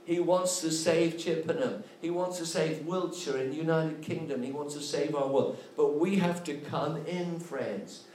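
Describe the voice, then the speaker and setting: A man preaches with emphatic, repeating refrains, his voice sitting a little higher than most men's. He sounds set back from the mic, and the room rings around him. A faint hum of ambience sits underneath. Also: unhurried, few pauses, a little mellow. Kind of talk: sermon. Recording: echoey room, voice from a distance.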